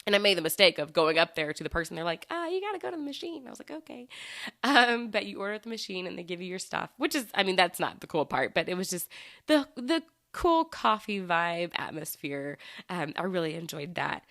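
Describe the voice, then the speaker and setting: A woman's voice: lowish voice, animated, a little fast, fairly bright tone, no room sound, clean studio sound. A woman hosting her own podcast in a casual, enthusiastic, rambling chat full of fillers. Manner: chatty and rambling, with many fillers and restarts; enthusiastic, gushing. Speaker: podcast host.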